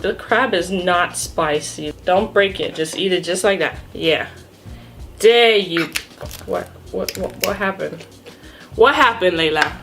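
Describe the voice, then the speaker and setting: A woman's voice: fairly low pitch, unhurried, fairly bright tone, faint music behind. A woman hosting a casual mukbang food vlog, coaxing and teasing a young child in a playful way. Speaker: mukbang channel host.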